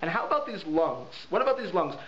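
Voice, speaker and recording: Man doing a worried village woman, slow anxious questions; echoey, muffled room. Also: sits high, very animated, a bit bright. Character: fussy village woman asking about her chicken. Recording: echoey room, dull lo-fi sound.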